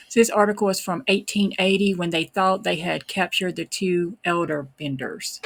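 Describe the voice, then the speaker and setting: A woman's voice: on the low side, steady tone, moderate pace, creaky, hardly any pauses. A woman hosting a true crime show, reading historical documents aloud and adding casual, unsure comments of her own. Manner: reads old texts then comments in an offhand, unsure way. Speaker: true crime podcast host.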